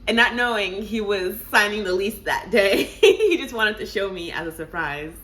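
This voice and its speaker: A young woman in her twenties tells a casual vlog story to her viewers, animated and laughing and calling them y'all. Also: medium pitch, normal speed. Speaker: vlogger.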